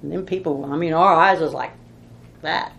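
A woman's voice: low voice, moderate pace, gravelly, a bit bright, echoey room, lo-fi sound. A woman teaching a Bible study in an informal, folksy way, telling stories and asking rhetorical questions.

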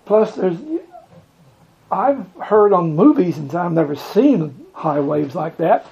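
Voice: medium pitch, expressive, takes it slowly, creaky, mellow, highs cut off. A Bible study leader teaching in a loose, folksy way, chuckling often and acting out scripture lines in bigger voices.

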